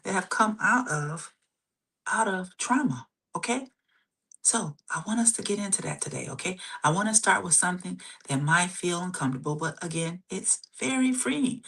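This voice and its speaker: A middle-aged woman therapist hosting a live stream, repeating phrases, checking in often with "okay?", and slowing down softly to guide breathing exercises. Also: mid-range voice, creaky. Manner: repeats phrases, frequent "okay?" and "you guys" check-ins; slows and softens for relaxation exercises.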